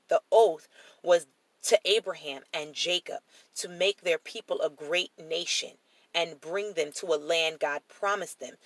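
A woman's voice: on the low side, fairly bright tone, no echo, low-quality recording. A woman teaching a Bible study, reading scripture aloud and explaining it, often checking in with "right?". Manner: reads scripture then explains, tags lines with "right?".

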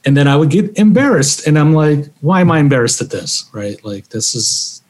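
A young man from Maryland, speaking in a halting, reflective conversational way with many fillers and restarts. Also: fairly high pitch, expressive, a little mellow. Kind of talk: conversational interview.

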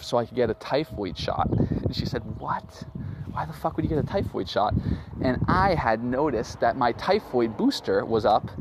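Rambling man with a hissy mic. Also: mid-range voice. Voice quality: rambling, self-deprecating, many fillers. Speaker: podcast host. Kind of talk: casual rambling monologue. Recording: noisy background hiss.

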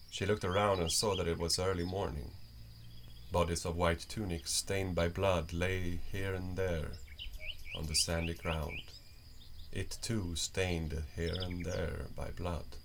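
A man narrates a story at a slow, measured pace. His voice sits very low with a rough, gravelly texture. Faint crickets and outdoor hum run underneath. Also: flat delivery.

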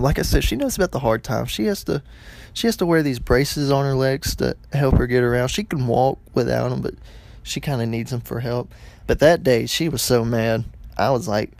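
A man's voice: medium pitch, creaky, no echo. A young man telling a funny story in a rambling way, with lots of fillers and restarts. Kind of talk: casual comedic storytelling.

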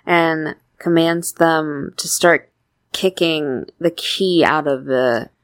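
A woman's voice: low-pitched, steady tone, slow pace, no room sound. A young woman co-hosting a podcast, recapping a cartoon in a laid-back, slangy way with lots of agreeing murmurs. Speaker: podcast co-host. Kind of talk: casual chat recapping a cartoon.

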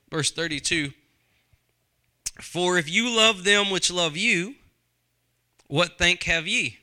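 A man's voice: sits high, sharp tone, clear, resonant tone. A man preaching a sermon, conversational and full of rhetorical questions to the congregation. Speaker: pastor.

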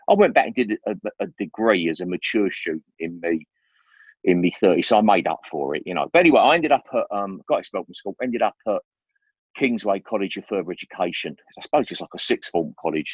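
A man's voice: sits low, breathy edge, no room sound. A man, telling stories as an interview guest in a chatty, slangy way with lots of restarts, on a dull, dry recording. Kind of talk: rambling casual storytelling.

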